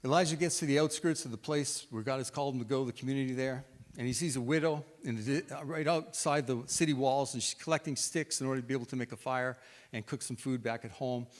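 A man preaching a sermon, retelling scripture in an animated storytelling way as if acting it out. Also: mid-range voice, fast. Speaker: pastor. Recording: reverberant hall.

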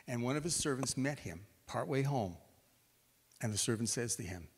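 A man preaching a sermon, retelling scripture in an animated storytelling way as if acting it out. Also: medium pitch, normal speed. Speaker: pastor. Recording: reverberant hall.

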